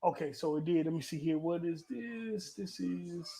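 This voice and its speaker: A man hosting a gaming livestream in a relaxed, profane, running commentary as he sets things up. His voice sits a bit higher than most men's. The sound is close and dry, with no room around it. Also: moderate pace, gravelly, breathy edge, no room sound. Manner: loose, profane, talks while fiddling with clips. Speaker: livestream host. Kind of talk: casual livestream chat.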